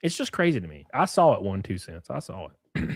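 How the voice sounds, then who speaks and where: Male live-stream host, animated and sarcastic, swears freely, dry booth sound. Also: on the low side, brisk, breathy edge, dry recording. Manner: animated, sarcastic, profane, keeps saying "brother". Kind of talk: live-stream commentary reading tweets.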